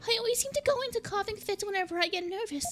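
A woman voicing a shy, sweet young woman in a game who gets nervous easily, speaking softly. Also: extremely high pitch, rapid-fire, over music, voice pushed up. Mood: timid.

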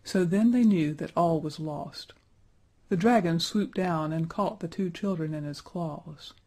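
A man reading a fantasy storybook aloud in a steady, even storytelling manner. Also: fairly high pitch, unhurried. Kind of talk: storybook narration.

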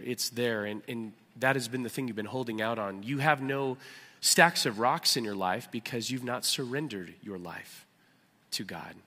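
Man, pastor, sermon, forceful bright voice, animated preaching, long church-hall reverb. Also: medium pitch. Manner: animated preaching, swings from loud acted outbursts to a hushed prayer. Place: church sanctuary.

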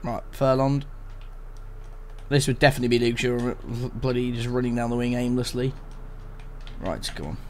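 A young man commentating on a football video game, groaning and shouting at every twist of the play. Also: medium pitch, steady tone, moderate pace, long pauses, a little hiss or hum. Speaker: gaming co-commentator. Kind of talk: live gameplay commentary.

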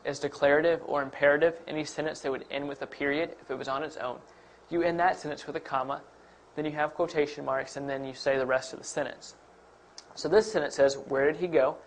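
Guy doing a grammar voice-over lesson, a bit higher voice, walks thru examples with some ums. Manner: explains step by step while pointing at examples; uses fillers and slight self-corrections. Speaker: instructor. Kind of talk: test-prep grammar lesson.

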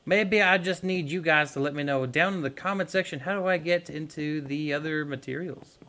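A man's voice: on the high side, a little fast, pushed and bright. Casual young man narrating gameplay. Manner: rambling, talks to viewers while playing. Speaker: gaming YouTuber. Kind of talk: casual let's-play commentary.

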